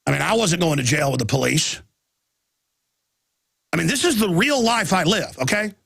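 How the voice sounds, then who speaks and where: A man's voice: fairly high pitch, lively intonation, moderate pace, creaky, a bit bright, breathy edge, no room sound, studio quality. A man hosting a talk radio show, rambling and agitated with many restarts, talking through a chest cold with coughing.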